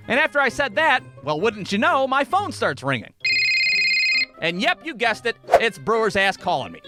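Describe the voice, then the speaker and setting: A man's voice: high voice, sing-song, a little fast, bright, forceful tone, soft background music. A man telling a comedic story in a sarcastic, exasperated, profane manner.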